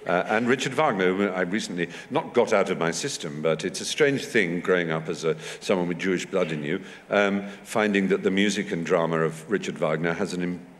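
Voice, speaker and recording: A man from England telling anecdotes on a festival stage, fluent and animated, acting out the voices he quotes. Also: deep voice, fairly quick, few pauses, in a large hall, slight background noise. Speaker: festival guest. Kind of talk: onstage conversation, anecdotal storytelling. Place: festival stage in a large hall or tent.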